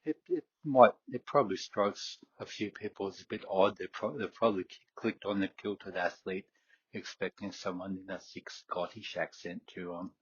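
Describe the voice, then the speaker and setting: A man's voice: sits low, steady tone, normal speed, breathy edge, no echo, dull audio. Rambling Queensland Australian man. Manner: rambling, hesitant, many fillers and restarts. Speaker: fitness podcast host. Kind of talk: casual solo talk.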